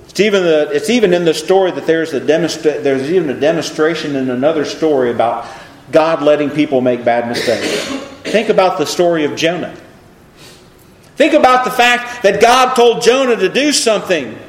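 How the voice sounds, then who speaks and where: A man's voice: a little high, moderate pace, reverberant. A man preaching a sermon, reading scripture and asking his listeners rhetorical questions. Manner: animated, asks the congregation rhetorical questions.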